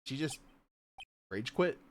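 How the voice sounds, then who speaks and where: A man commenting casually on a game playthrough, excitable and swearing in quick outbursts. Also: a little hiss or hum. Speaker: let's-play gamer.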